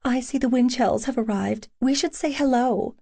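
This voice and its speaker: Snooty officer's wife for an audiobook, voiced by a woman, brittle and dismissive, pitched well up, dry booth sound. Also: moderate pace, creaky, dark tone, no echo. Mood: aloof. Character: snobbish middle-aged officer's wife, aloof.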